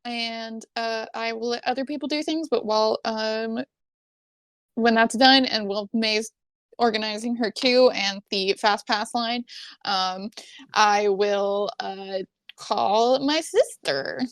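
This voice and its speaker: A woman's voice: a little high, takes it slowly, smooth, no echo. Blunt woman playing a tabletop game. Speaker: player. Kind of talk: in-character roleplay.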